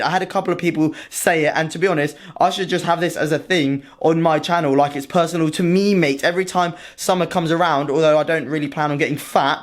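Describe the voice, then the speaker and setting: A young British man vlogging casually to his own camera at home and in his car, excitable, slangy and full of swearing. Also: a little high, fast, hardly any pauses. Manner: excitable, slangy and sweary, keeps saying "mate". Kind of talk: casual vlog chat to camera. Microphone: self-filmed camera.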